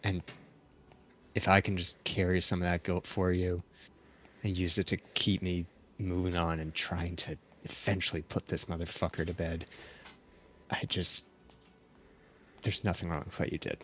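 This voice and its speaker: A man voicing a vengeful young fighter who speaks earnestly and haltingly to comfort someone. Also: low voice, little pitch movement, a bit bright, a little hiss or hum.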